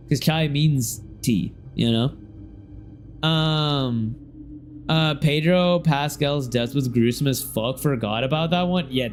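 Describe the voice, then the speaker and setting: A young man from Ohio chatting casually on a game stream, loose and slangy, now and then breaking into sudden excited shouts. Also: a little high, slight background noise.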